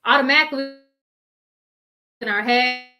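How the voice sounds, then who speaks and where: A woman's voice: high voice, moderate pace, sharp tone. A woman co-hosting a talk show panel, giving earnest advice in casual chat. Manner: earnest, advice-giving, quotes herself in asides.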